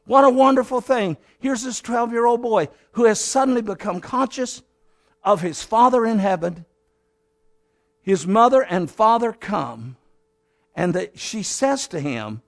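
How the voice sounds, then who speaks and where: A high-pitched man preaches with fervor. He keeps turning to his listeners as "my friend" and slips into the voices of the people in his story. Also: normal speed. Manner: fervent, addresses listeners as "my friend", acts out Bible characters. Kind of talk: sermon.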